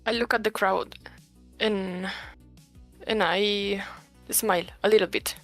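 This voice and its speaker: A woman playing in a tabletop game, speaking in a slow, drawn-out way. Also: medium pitch, fairly even intonation, creaky, a bit bright, faint music behind. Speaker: player.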